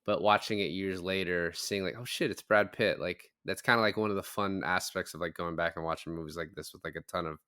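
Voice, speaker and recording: Low smooth-voiced man discussing a film. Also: a little fast, few pauses, no echo, clean studio sound. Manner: relaxed, lots of "like" fillers. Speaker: podcast host.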